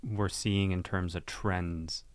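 A man hosting a casual podcast, calm and measured as he talks about relationships. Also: sits low, no echo. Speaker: podcast host.

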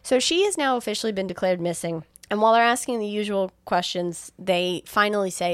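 A woman's voice: mid-range voice, clean tone, no room sound. Laughing woman retelling a movie, dry. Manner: laughing, swearing, quick retelling with voiced quotes. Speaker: podcast co-host recapping a film. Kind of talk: casual chat.

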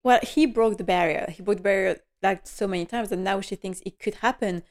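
Female podcast host, casual recap, emotional and animated, mid-pitched voice. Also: a little fast. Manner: animated and emotional, with nervous laughter.

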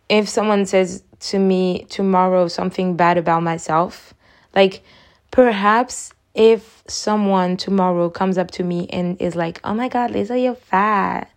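A young woman, talking through personal memories on her own podcast in a chatty, reflective way, often saying "like". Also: medium pitch. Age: young adult. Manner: chatty and reflective, heavy use of "like". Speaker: podcast host.

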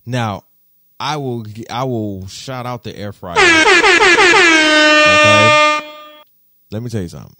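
A man hosting a podcast, telling stories in casual slang with big swings in pitch and loudness. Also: normal speed, very noisy. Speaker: podcast host.

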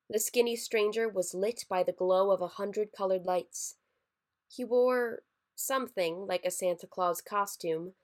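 A woman narrating a scripted horror story in a measured, somber way. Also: medium pitch. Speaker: story reader.

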